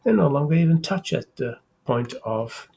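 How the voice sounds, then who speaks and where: A man hosting his own math channel, giving a halting whiteboard lecture and checking in with "okay?" again and again. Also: a little high, lively intonation, vocal fry, dark tone, a little hiss or hum. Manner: slow, halting, repeats words, says "okay?" often.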